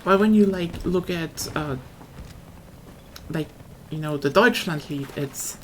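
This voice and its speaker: A woman's voice: low-pitched, a little slow, a little hiss or hum. A young woman with a German accent, chatting casually and rambling on a live stream, swearing now and then.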